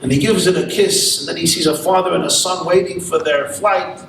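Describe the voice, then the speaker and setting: A man's voice: a little high, fairly even intonation, fairly quick, vocal fry, fairly bright tone, a little hiss or hum. A man giving a lecture as a rabbi, telling a humorous story and acting out the dialogue with rising energy. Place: lecture hall. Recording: roomy hall audio picked up from a distance.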